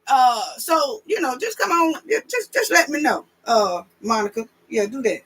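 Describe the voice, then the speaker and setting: Sassy high-voiced New woman host. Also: normal speed, hardly any pauses, slightly rough. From New York. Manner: animated, sassy, confrontational. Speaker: livestream host. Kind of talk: livestream commentary, reading chat names.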